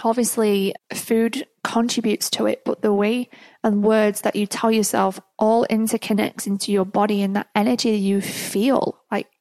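A woman's voice: medium pitch, little pitch movement, normal speed, a little mellow, no room sound. A woman hosting a podcast, telling a personal story in a chatty way and laughing often along the way. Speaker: podcast host.

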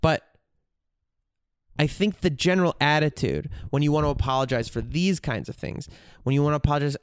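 A man's voice: on the high side, a little fast, pauses often, smooth, no echo, studio quality. A man in a candid, reflective monologue, swearing freely and searching for his words as he goes.

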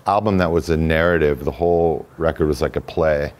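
Man with a very deep, laid-back voice. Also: steady tone, a little fast, darkish tone. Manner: laid-back, rambling storyteller with many fillers. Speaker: podcast guest, musician. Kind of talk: casual conversation.

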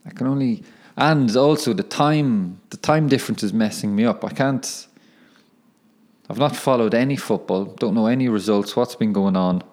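A man's voice: mid-range voice, moderate pace, a little mellow. A young man hosting his own podcast, chatting casually in a rambling, self-correcting way and laughing at himself. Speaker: podcast host and professional footballer. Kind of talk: casual solo podcast monologue.

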